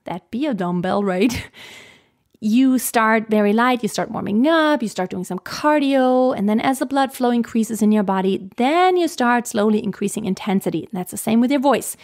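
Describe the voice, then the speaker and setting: A woman's voice: fairly high pitch, darkish tone. A woman vocal coach giving a casual teaching talk, chatty and laughing often as she restarts her sentences.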